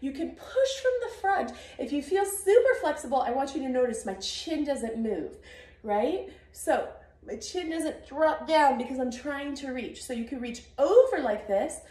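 A woman's voice: sits high, a little mellow. A woman in her thirties leading an arm workout, upbeat and encouraging as she counts reps, a little out of breath, in her home garage. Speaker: fitness instructor. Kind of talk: guided workout instruction. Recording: echoey garage.

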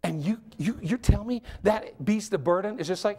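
Guest preacher guy, pretty high voice, animated and jokey, chatty sermon. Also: brisk, few pauses, slightly rough. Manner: animated, joking, conversational.

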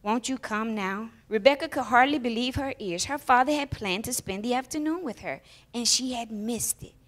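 A woman telling a children's story aloud during a church service, with expressive, emotional storytelling. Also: on the high side, fairly quick.

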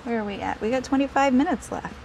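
A woman's voice: sits high, quick pace, a little mellow, a little hiss or hum, low-quality recording. A woman hosting a casual crafting video, chatting and joking at herself as she works. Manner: chatty, self-deprecating, talks to herself while working.

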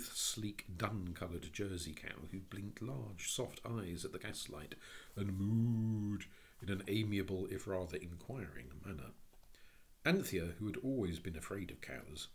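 A man with a low, deep voice reads a classic children's story aloud. His narration rises and falls with lively expression throughout. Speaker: audiobook reader.

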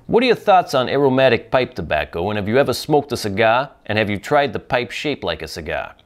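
A man's voice: medium pitch, sing-song, brisk, close to an everyday voice. A man voicing a brash male Italian mobster while reading out a fan's letter in character.

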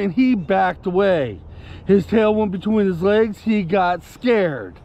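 A man's voice: high voice, animated, takes it slowly, a little mellow. A man telling a story casually to camera, indignant and rambling, breaking off to give commands to his puppy. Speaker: vlogger.

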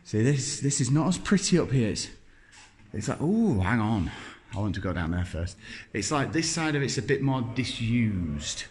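A man's voice: medium pitch, big pitch swings, normal speed, slight background noise, poor audio. A man, chatting wryly and self-mockingly as he films a walk-through tour. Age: 30s. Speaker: vlogger touring a building. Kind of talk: casual walk-through commentary. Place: large empty indoor building.

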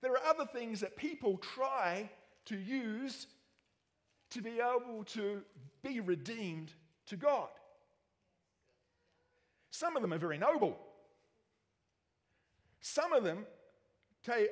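A man with an Australian accent preaches a sermon with a fairly high voice, joking and animated, with self-mocking asides. His voice carries a long reverb through the church hall. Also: a little slow, pauses often.

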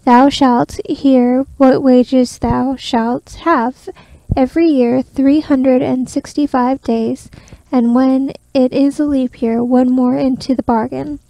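Woman putting on a slow, rumbling giant. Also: fairly even intonation, vocal fry, warm tone, no echo, exaggerated voice, poor audio. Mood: menacing. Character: huge, slow, dim-witted male giant.

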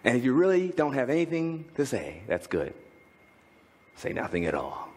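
A pastor's sermon in church carries a big-room sound as he speaks at normal speed. Lively throughout, he shares a family story and reads a poem aloud, his tone swinging widely from high to low during the reading.

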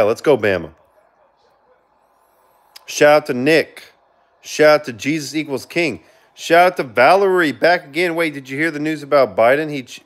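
A man hosting a casual live stream, reading viewer comments aloud and giving shout-outs, earnest with sudden excited outbursts. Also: mid-range voice. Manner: reads chat aloud and gives quick shout-outs. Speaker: livestreamer reading viewer chat.

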